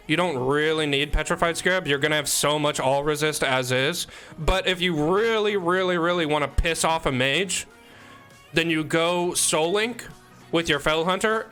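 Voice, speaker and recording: Young male streamer, slightly high, bright voice, rambling jokey chat. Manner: joking, teasing chat, rambling asides. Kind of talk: casual live-stream chat. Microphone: desk microphone.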